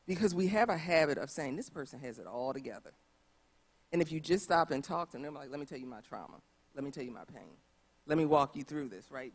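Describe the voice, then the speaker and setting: A woman speaking on a church conference panel, animated and emphatic, repeating phrases for stress. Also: low voice. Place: church auditorium.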